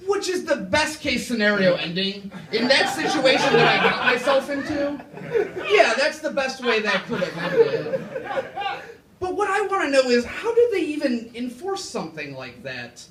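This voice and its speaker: A man's voice: very high voice, sing-song, normal speed, a crowd in the background. A young man performing a rambling, self-deprecating stand-up set on a club stage. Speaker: stand-up comedian. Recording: echoey club from far off. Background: audience laughter.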